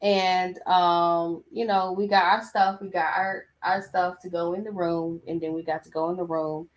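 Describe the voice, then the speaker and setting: A woman's voice: on the low side, little pitch movement, moderate pace. A young woman hosting her own show, telling a personal story in a loose, slangy, chatty way. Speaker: host. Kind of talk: casual chat.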